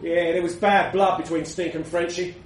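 A man's voice: high-pitched, flat delivery, normal speed, far from the mic. A man narrating a crude, wry story. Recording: roomy, from the mic.

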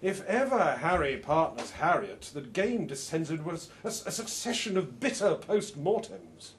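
A man reading a first-person story aloud with dry, understated humor, opening lines with "well" and letting out soft laughs. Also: fairly high pitch, very animated, normal speed, slight background noise.

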